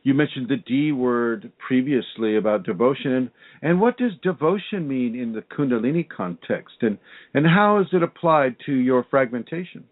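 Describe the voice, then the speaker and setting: A man's voice: mid-range voice, expressive, moderate pace. A man hosting a conversational interview over a video call, asking probing questions with frequent restarts. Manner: probing, with restarts and repeated words. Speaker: interview host and spiritual teacher. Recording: tinny phone-like line.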